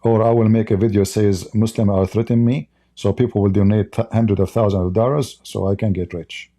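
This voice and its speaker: A streamer with a fairly low, mellow voice and a steady tone talks a little fast. In broken English, his second language, he reads out viewer chat and offers heated, blunt, mocking commentary.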